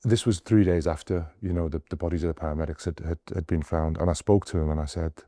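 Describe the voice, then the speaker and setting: A man's voice: deep voice, steady tone, fast talker, mellow, dry recording, clean studio sound. A young man, a doctor, earnestly telling stories of his mission in an interview, often retelling scenes with quoted dialogue. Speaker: doctor guest on a humanitarian mission.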